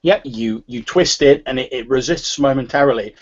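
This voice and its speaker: A man's voice: medium pitch, normal speed, darkish tone, muffled recording. A man narrating as game master for a tabletop game, hesitant and full of restarts.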